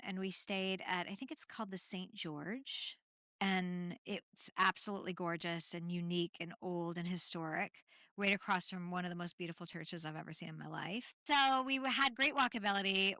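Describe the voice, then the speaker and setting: Woman podcast host, from Canada, chatty storyteller, bright voice, dry close mic. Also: mid-range voice, dry recording. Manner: chatty, laughing, full of fillers and tangents.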